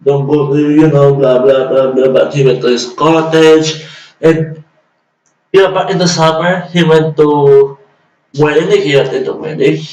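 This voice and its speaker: A man delivers exasperated, mocking commentary, swearing now and then. His voice sits a bit high and he speaks slowly. He is recorded from a distance in an echoey room. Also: steady tone, darkish tone, dull audio. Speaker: vlogger. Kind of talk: ranting commentary. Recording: echoey room, away from mic.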